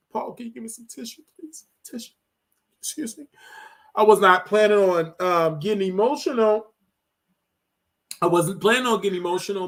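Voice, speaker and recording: A man in his thirties from Chicago, hosting his show and speaking in a tearful, halting monologue full of fillers and restarts. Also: high-pitched, a bit bright. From Chicago, USA. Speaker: show host. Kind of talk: emotional personal monologue.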